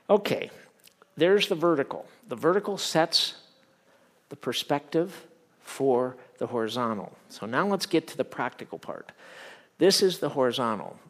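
Middle-aged male pastor, mid-range voice, lively sermon delivery with big swings in volume and pitch. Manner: animated, swings from loud acted quotes to hushed earnest tones.

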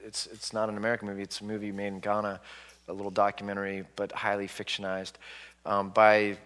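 A man in his forties speaking as an author to a live audience, telling stories in an animated way and acting out people's reactions. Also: fairly low pitch, fast, big-room sound. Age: 40s.

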